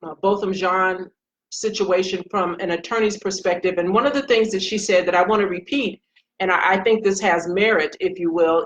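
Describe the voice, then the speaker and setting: Woman on a facebook live talking policing, direct and earnest, kinda dull webcam sound. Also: fairly low pitch. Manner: direct, earnest, addresses viewers by name. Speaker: retired police sergeant and commentator. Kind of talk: casual Facebook Live commentary.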